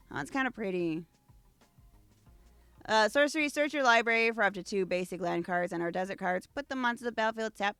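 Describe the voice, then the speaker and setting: A woman's voice: medium pitch, fairly bright tone, clean tone, no echo. A woman hosting a casual unboxing video, reading card text aloud between gushing asides. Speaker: VTuber host.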